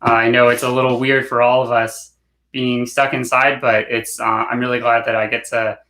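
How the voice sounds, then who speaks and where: A man teaching an online hand drumming workshop, relaxed and encouraging, and chanting phrases in rhythm. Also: medium pitch, moderate pace. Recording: echoey room with drumming.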